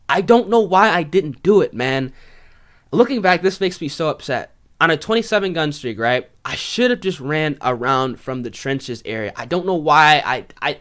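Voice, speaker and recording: A man's voice: on the high side, fairly bright tone. A man giving casual, self-critical commentary over his own gameplay, often saying "man" and "you know.". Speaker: gaming video creator.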